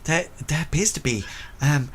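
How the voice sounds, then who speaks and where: A man's voice: on the high side, animated, normal speed, slight background noise, voice pushed up, natural voice. A man voicing a nervous young police constable who stammers as he speaks. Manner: stammering, anxious.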